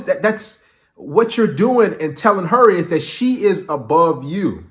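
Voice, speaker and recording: A man's voice: high-pitched, very animated, unhurried. A man giving dating advice as a coach, blunt and emphatic, lecturing his viewers.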